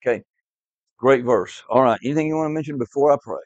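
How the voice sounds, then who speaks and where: A man's voice: medium pitch, fast talker, darkish tone, dry recording. A man teaching a class Bible lesson, emphatic and repetitive, quizzing his students in a classroom. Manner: emphatic, repeats key words, quizzes the class. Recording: dull lo-fi, dry.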